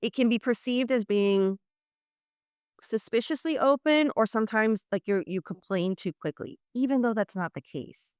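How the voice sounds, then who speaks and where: On the high side and at normal speed, this woman's voice is clear and resonant, recorded dry with studio quality. She's a guest leadership communication coach from New Orleans, Louisiana, explaining ideas in a conversational video-call interview and performing quoted exchanges in lively voices.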